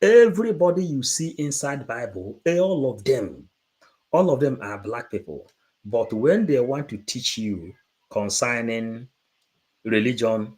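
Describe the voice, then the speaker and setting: Slow, low-voiced man. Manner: halting, repeats words, rising emphatic bursts. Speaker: livestream presenter. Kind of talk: unscripted livestream talk.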